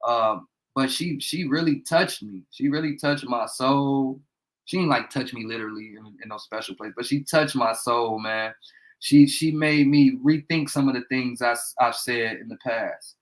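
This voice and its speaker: A young Indiana streamer with a mid-range voice and a moderate pace rambles through a casual livestream from his bedroom at home. He swears freely and calls viewers out by name, and the recording is low quality.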